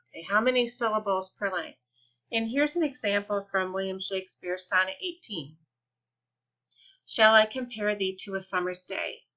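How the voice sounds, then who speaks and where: Woman, teacher, patient, deliberate, bright voice, dull lo-fi recording. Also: mid-range voice. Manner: patient, deliberate, stretches example words slowly. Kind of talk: explanatory lesson.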